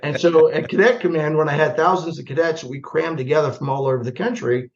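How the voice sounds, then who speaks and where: A man's voice: a little high, fairly quick, highs cut off. Older Midwestern man, plainspoken storyteller. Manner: plainspoken, animated storyteller who acts out remembered dialogue. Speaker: guest, retired army general. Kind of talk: conversational storytelling on a podcast.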